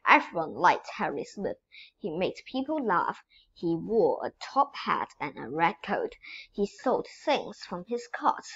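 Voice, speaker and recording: A woman reading a children's storybook aloud in a slow, expressive way. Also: lowish voice, husky, lo-fi sound. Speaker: storybook reader.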